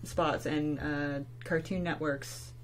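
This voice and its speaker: A woman's voice: low-pitched, steady tone, slow pace, a little hiss or hum. A woman from western Canada co-hosting an art stream, chatting casually and swearing while she draws. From Pacific Northwest of Canada. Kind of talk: casual chat while drawing.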